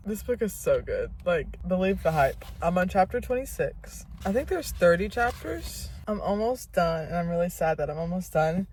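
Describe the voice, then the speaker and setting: A woman's voice: lowish voice, big pitch swings, moderate pace, few pauses, a little mellow, slight background noise, rough recording. A young woman chatting casually in a reading vlog, rambling and full of filler words. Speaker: book vlogger.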